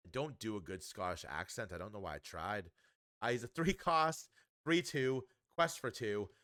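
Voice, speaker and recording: A man's voice: fairly low pitch, expressive, normal speed, fairly bright tone, no room sound. Chatty man reviewing cards, dry sound. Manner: upbeat, chatty, with frequent ums and restarts. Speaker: card game reviewer. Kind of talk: casual spoken card review.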